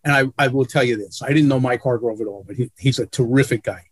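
During a casual video-call interview, a sportswriter guest talks quickly in a medium-pitched, darkish voice with a breathy edge, telling stories that are foul-mouthed, frank, and self-deprecating. The audio has no echo.

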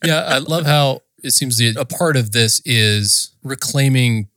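A man co-hosting a podcast who speaks in a thoughtful, measured way. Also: mid-range voice, a bit bright, no room sound, studio quality. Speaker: podcast co-host. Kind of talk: casual chat.

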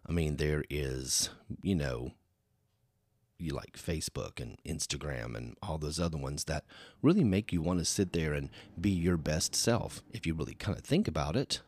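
A man's voice: very deep voice, lively intonation, normal speed, a little mellow, slightly rough, no echo, clean studio sound. A man hosting a solo podcast, talking in a rambling, chatty way that is full of "you know". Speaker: podcast host. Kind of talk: casual solo podcast chat.

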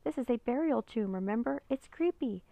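A woman voicing a bold, eager young girl in a storybook reading, with a gravelly edge. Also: on the high side, lively intonation, moderate pace, warm tone, dry recording, voice pushed up.

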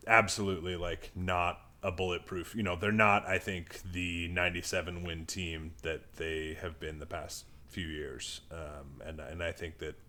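Male co-host, very low voice with a bright bite, rambling casual analysis. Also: normal speed, few pauses. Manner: rambling, hedging with fillers, jumps in pitch when excited. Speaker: podcast co-host. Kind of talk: casual sports chat.

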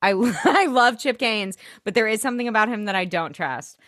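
A woman's voice: mid-range voice, moderate pace, no room sound, studio quality. A woman co-hosting a podcast, chatting casually and playfully about a TV episode, gushing and mimicking characters. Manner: animated, gushing, playful impressions. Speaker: podcast co-host. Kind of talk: casual recap chat. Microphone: video call mic.

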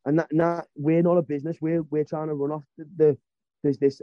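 Bloke, swearing rant, fairly high voice, dry lo-fi sound. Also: male voice, little pitch movement, fairly quick, no room sound. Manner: swearing, emphatic ranting. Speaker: podcast panelist. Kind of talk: heated casual rant. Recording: dull lo-fi podcast audio.

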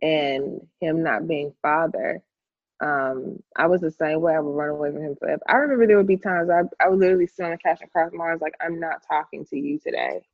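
A woman's voice: low voice, brisk, dry recording. Woman chatting about faith on a podcast, emphatic, kinda muffled and dry. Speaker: podcast co-host. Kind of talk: casual faith talk.

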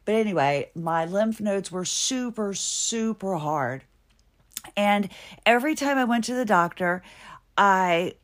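A middle-aged woman hosting a podcast, talking anxiously and ramblingly about her health, with frequent restarts and shifting pace. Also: medium pitch. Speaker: podcast host. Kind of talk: personal health monologue.

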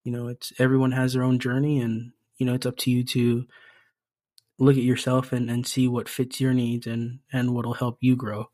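A young man co-hosting a podcast, talking in a laid-back, halting way full of fillers. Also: mid-range voice, completely flat delivery, darkish tone. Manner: laid-back, halting, lots of "you know". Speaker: podcast co-host. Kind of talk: casual podcast chat.

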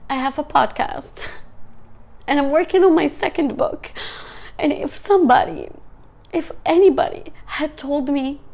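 A woman's voice: high-pitched, unhurried, vocal fry, darkish tone. A woman, an author and teacher, giving an earnest, emotional personal testimony. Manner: earnest, emotional, emphatic storytelling. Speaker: author and teacher sharing her story.

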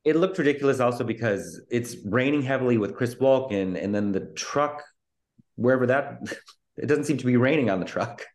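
A man with a mid-range voice co-hosts a podcast, talking casually about a film. He is animated and lifts his voice to act out the characters. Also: mid-range voice, moderate pace. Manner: animated, acts out quotes in raised voices. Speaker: podcast co-host.

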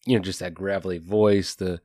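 A man with a very low voice talks loosely about a book series, leaning on fillers and self-corrections as he searches for words. The sound is dry and close, with no room around it. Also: steady tone, a little fast, a little mellow, dry recording. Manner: rambling, many fillers and restarts. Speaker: podcast co-host. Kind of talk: casual book discussion.

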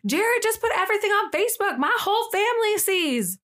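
Kobieta udająca spanikowaną, szlochającą młodą kobietę. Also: female voice, sing-song, brisk, a bit bright, full character voice. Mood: distraught. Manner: high, pleading wail. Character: distraught young woman, sobbing and panicked. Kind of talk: podcast story retelling.

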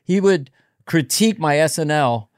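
A man's voice: fairly high pitch, expressive, normal speed, dry recording, clean studio sound. A middle-aged man, a comedian guest in casual podcast chat, musing and giving advice in a wandering way.

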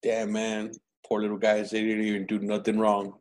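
A man's voice: fairly low pitch, monotone, moderate pace, darkish tone, a little hiss or hum. Laid-back slangy male podcast host. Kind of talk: casual podcast chat.

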